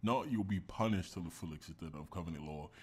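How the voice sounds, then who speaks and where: A man's voice: low voice, brisk, slightly rough. A man giving casual, sarcastic commentary and mocking the person on screen.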